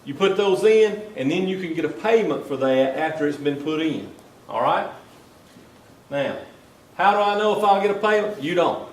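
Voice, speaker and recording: A man's voice: a little high, expressive, normal speed, slight background noise. A man with a Southern US accent giving a folksy, joking talk to landowners as a wildlife biologist, tagging his lines with "okay?". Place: meeting hall. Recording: echoey hall from some distance.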